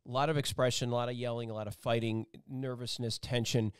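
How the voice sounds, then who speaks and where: Fast and level in tone, a man's medium-pitched voice sounds clear and resonant on a studio-quality recording with no room sound. He is a talk show host and meteorologist from an Italian-American family, running a casual interview in a rambling, emphatic way with many restarts.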